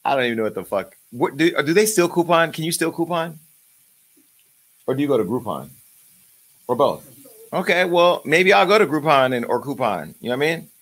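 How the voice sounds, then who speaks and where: A man's voice: on the high side, very animated, brisk, pauses often, a bit bright. A man hosting his own show, ranting in a profane, joking and angry way. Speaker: show host. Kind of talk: uncensored comedic rant.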